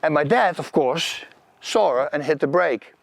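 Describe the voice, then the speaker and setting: A Dutch man from the Netherlands, hosting his channel, tells his own stories a little slowly, his slightly high voice carrying some vocal fry. He animatedly acts out scenes and quotes with vivid energy and loose, non-native grammar, and the recording has no room sound.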